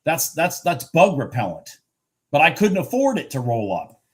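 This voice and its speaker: A man's voice: fairly high pitch, big pitch swings, normal speed. A man commentating his own live futures trading on a stream, frustrated and swearing, talking to himself and to his chat. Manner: laughs at himself, repeats phrases. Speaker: livestream futures trader.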